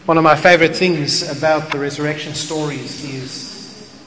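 A man preaching a sermon, impassioned, swinging between loud and hushed lines. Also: fairly high pitch, fairly even intonation, moderate pace, a crowd in the background. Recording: echoey hall with noise.

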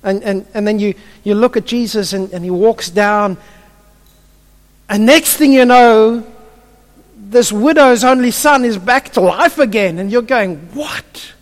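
A man's voice: high-pitched, a little slow. A man preaching a sermon, telling the stories vividly and often repeating his first words as he restarts. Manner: stammering restarts, vivid storytelling. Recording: long hall reverb.

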